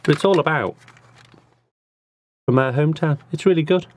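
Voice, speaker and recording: A man's voice: fairly high pitch, normal speed, a little hiss or hum. Joking Liverpool man hosting a show. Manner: jokey, chatty banter. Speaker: show host. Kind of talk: casual chat presenting a music show. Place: studio.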